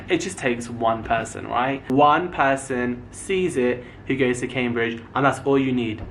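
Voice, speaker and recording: A man's voice: mid-range voice, measured pace, slight background noise. A man in his twenties, a YouTuber telling stories casually to camera and acting out the lines of the people in them. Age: 20s. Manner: animated, acts out quoted dialogue.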